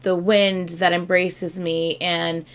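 A woman's voice: lowish voice, flat delivery, slow, smooth. A woman reacting to a music video in casual, chatty commentary, gushing and swearing freely.

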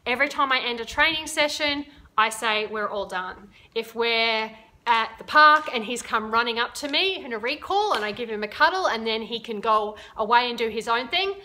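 A woman dog trainer talks her viewers through a lesson in a casual, chatty way, using everyday examples. Her voice sits a little high and sounds bright and forward, and her tone stays friendly and conversational. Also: expressive, normal speed. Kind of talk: casual instructional video.

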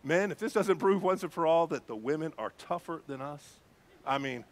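A male pastor preaching a sermon in an animated, emphatic way, speaking straight to his congregation. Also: a little high, moderate pace.

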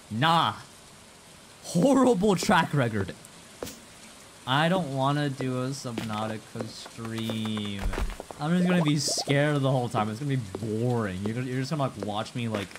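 A young male streamer talks casually to his chat, rambling, restarting lines and swearing. His pitch swings up and down a lot. A clear layer of background noise runs under the voice.

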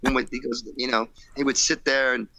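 Gravelly rock singer telling stories. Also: male voice, mid-range voice, fairly quick, no room sound. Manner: animated storyteller acting out quotes, laughing, swearing. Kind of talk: storytelling in a casual interview.

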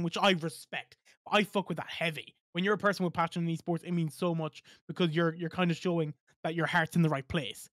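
Male guest, high voice, dry close sound, blunt, emphatic, swears freely. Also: no echo. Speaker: podcast guest. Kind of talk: casual podcast chat.

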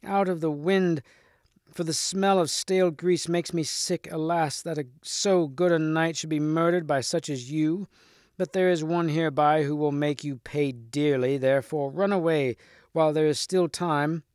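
A man's voice: mid-range voice, steady tone, moderate pace, dry recording, studio quality, natural voice. A man voicing a scornful, haughty young noble lady who sneers and insults.

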